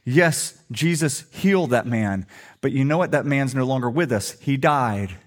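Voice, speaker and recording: A man's voice: mid-range voice, animated, a little slow. Conversational middle-aged male preacher. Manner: humorous, conversational storytelling. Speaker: pastor. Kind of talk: sermon.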